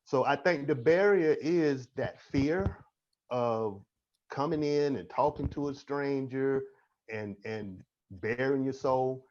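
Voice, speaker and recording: A man's voice: medium pitch, slow pace, a little mellow. A man speaking as a counselor on a panel, emphatic with a repetitive, preacher-like cadence. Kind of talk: panel discussion. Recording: dull lo-fi audio with faint noise.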